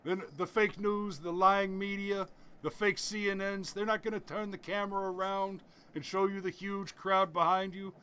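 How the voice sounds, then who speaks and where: A man's voice: high voice, flat delivery, normal speed, pushed and bright, lo-fi sound, a little hiss or hum, voice pushed up. A man doing an impression of a boastful politician at a rally, repeating himself with indignant emphasis and a raised voice. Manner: emphatic repetitions, indignant crowd-rally cadence.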